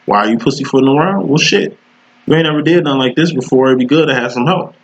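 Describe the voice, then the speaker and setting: A man's voice: mid-range voice, fast talker, lo-fi sound, a little hiss or hum. A man giving a casual tarot reading, talking in a profane, slangy, rambling way. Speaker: tarot reader.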